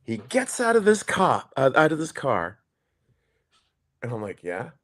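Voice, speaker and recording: A man spins a street story in loose, profane podcast chat. His pitch swings widely as he acts out neighbors and cops, rising and dropping with each beat. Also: unhurried. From New York. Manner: animated storyteller, swears, acts out quoted people. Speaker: podcast co-host.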